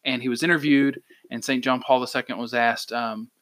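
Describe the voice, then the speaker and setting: A man's voice: mid-range voice, fairly even intonation, a little fast, a bit bright. A man in his thirties, co-hosting a casual faith podcast, who tells stories and acts out the quotes. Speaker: podcast co-host.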